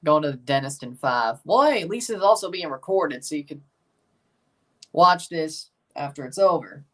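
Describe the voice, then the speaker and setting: A man's voice: on the high side, expressive, normal speed, far from the mic. Rambling man talking a bit off-mic. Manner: rambling, chats with viewers, gets loud and emphatic when judging. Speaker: livestream host ranking soccer kits. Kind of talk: casual livestream chat.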